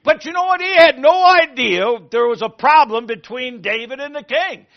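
A man preaching a sermon, retelling a story in an animated way and asking the congregation questions. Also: extremely high pitch, normal speed, few pauses. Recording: muffled lo-fi recording.

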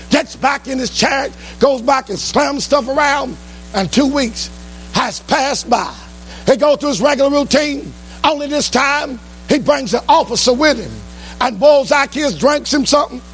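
A man preaching a sermon in a church, with a sing-song cadence that breaks into song and shouts. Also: very high voice.

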